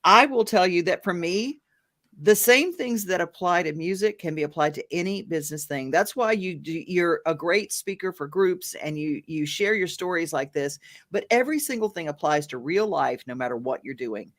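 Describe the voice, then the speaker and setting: A woman's voice: fairly low pitch, expressive, moderate pace. A woman hosting an interview, talking with the guest in a casual, playful way. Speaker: radio show host.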